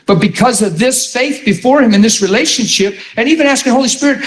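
A man's voice: extremely high pitch, fast talker. A man preaching in a conversational sermon, earnest and rambling, laughing often as he tells stories. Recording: echoey room.

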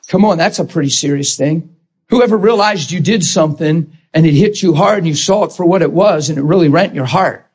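A man preaching a sermon with passion, emphatic and at times shouting, close to tears. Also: high voice, slightly rough. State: tearful.

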